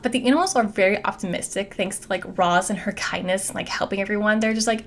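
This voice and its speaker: A woman's voice: mid-range voice, fast talker, few pauses, a little hiss or hum. A young adult woman giving a casual, chatty movie recap, peppering her speech with "like". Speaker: movie reviewer.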